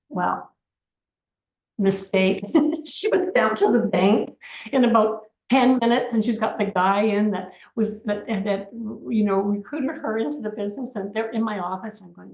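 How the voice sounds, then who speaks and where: A woman's voice: medium pitch, moderate pace. A woman in her sixties telling her personal story in a chatty way, with many asides and restarts. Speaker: network marketing distributor. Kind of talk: personal testimony talk. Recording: roomy, slightly dull recording.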